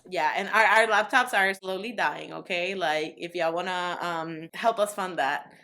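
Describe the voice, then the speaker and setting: A woman's voice: lowish voice, a little slow, pushed and bright. A woman co-hosting a podcast in casual chat, laid-back and teasing, laughing easily. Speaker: podcast co-host.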